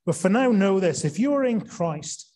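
Guy preaching an evening sermon, earnest, kinda high voice but warm and soft. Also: lively intonation, moderate pace. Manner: earnest, asks rhetorical questions, stresses key words.

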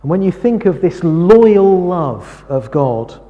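A man preaching a sermon, speaking in a slow, measured way. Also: high voice, narrow, tinny audio. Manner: slow, measured preaching with lively quoted lines. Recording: reverberant hall.

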